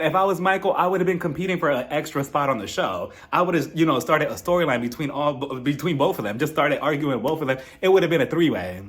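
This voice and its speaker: Chatty male recap vlogger, sarcastic and joking, with a slightly high voice. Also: a bit bright. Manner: sarcastic, chatty, laughs at his own jokes. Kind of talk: casual comedic recap.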